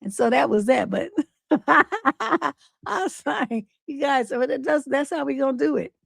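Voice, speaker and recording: A woman's voice: sits high, unhurried, gravelly, no echo, studio quality. A woman relationship coach hosting an unscripted advice livestream, telling stories bluntly and with plenty of profanity. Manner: blunt, profane, animated storytelling.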